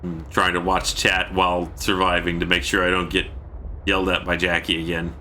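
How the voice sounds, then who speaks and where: A man's voice: low-pitched, monotone, normal speed, pushed and bright, a little hiss or hum. A man chatting casually through a gameplay stream from home, keeping his voice down, thanking viewers and letting out sudden yelps.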